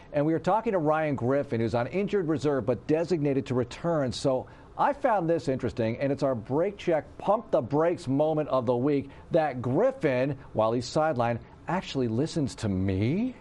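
A man's voice: mid-range voice, very animated, normal speed, darkish tone. A male radio host in casual sports talk, conversational with restarts as he thinks aloud.

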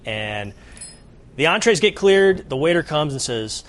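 A man co-hosting a sports show, chatting casually and telling lively stories. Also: medium pitch, a little hiss or hum. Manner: animated storyteller, does a quick impression. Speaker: co-host.

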